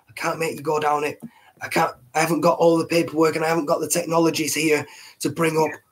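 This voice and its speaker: A British man with a husky, chesty voice hosting a live online show in a rambling, casual way, often restarting his words. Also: a little high, poor audio. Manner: rambling, repeats and restarts words, laughs at himself. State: chesty, a bit hoarse. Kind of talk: casual live-stream talk.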